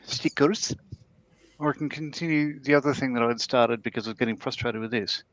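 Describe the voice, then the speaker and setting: A man's voice: mid-range voice, brisk, a bit bright, no echo. A man, chatting casually on a live panel while building a model, rambling and self-deprecating with lots of ums and restarts. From Australia. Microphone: video call.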